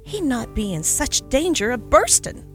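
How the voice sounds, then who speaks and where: A woman's voice: sits high, very animated, normal speed, soft background music, pitched above the performer's own voice. A woman doing a blunt old Irish housekeeper. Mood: scolding.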